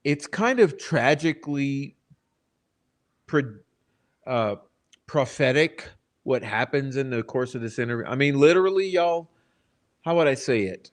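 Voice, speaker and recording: Male channel host, mid-pitched voice, swears freely, talks to his viewers in an exasperated rant. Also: animated, unhurried, pauses often. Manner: profane, blunt, exasperated; addresses the chat directly. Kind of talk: ranting true-crime commentary.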